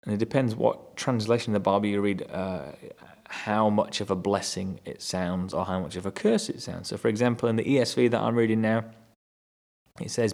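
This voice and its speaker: Low-voiced man teaching from scripture. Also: fairly even intonation, normal speed, gravelly, a little mellow. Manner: conversational, rereads verses with rising emphasis. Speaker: Bible teacher. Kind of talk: Bible teaching, reading and explaining scripture.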